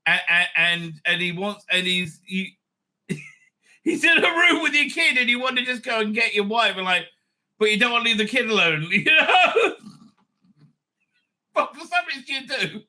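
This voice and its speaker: Man hosting a live-stream review, rambling, swearing, laughing, high voice, very bright and sharp. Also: lively intonation, moderate pace, pauses often. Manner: rambling, profane, laughing often. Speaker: rabbi and show host.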